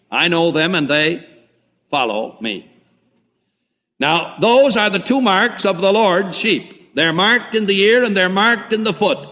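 Male preacher, high bright voice, dramatic delivery from booming to hushed; lo-fi hall recording. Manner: dramatic, swinging between loud emphasis and hushed low tones. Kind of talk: sermon. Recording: muffled lo-fi recording in a reverberant hall.

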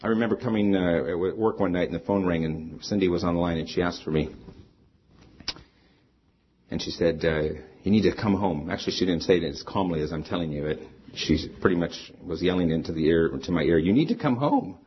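A man's voice: deep voice, fairly even intonation, brisk, a little hiss or hum. A middle-aged man preaching a sermon as a pastor, earnest and conversational, weaving in personal stories. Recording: slightly dull lo-fi sound.

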